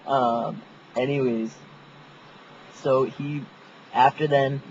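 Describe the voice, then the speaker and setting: A man's voice: medium pitch, steady tone, slow pace, pauses often, highs cut off, background noise. A young man telling a story outdoors in a casual, profane vlog, laughing often. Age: young adult. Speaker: vlogger.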